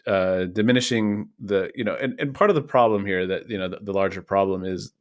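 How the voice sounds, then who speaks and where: Male podcast co-host, fairly low voice, earnest rambling explanations. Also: a little fast. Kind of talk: casual news discussion.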